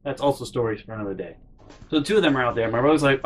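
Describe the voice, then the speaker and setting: A man's voice: mid-range voice, animated, fast talker, faint music behind. A young man telling a personal story in a casual vlog, exasperated and profane.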